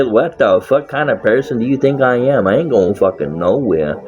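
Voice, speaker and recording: A man's voice: medium pitch, expressive, normal speed, a little mellow, soft background music. A man talking casually about his life, blunt and full of swearing, often laughing. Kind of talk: casual profane monologue. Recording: dull lo-fi sound.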